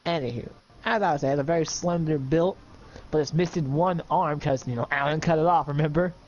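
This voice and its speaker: Man, improvised storytelling, lots of fillers, slightly high voice, muffled voice chat, faint background ambience. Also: brisk, a little mellow, a little hiss or hum. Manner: rambling, full of fillers, checks in with the listener. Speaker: storyteller running an improvised adventure.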